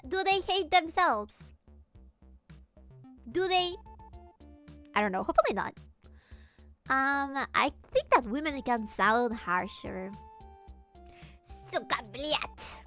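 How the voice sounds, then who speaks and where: A woman's voice: medium pitch, a bit bright, clear, resonant tone. A woman from Latin America chatting casually while streaming a game, rambling and swearing freely as she goes. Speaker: VTuber streamer.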